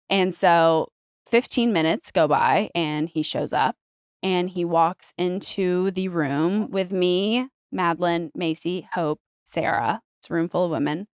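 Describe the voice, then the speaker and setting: A woman telling a wedding story in casual chat, animated and swearing freely. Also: lowish voice, unhurried, clean tone, no room sound, studio quality. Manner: animated, swearing, acts out quoted voices. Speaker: podcast guest, bride telling her wedding story.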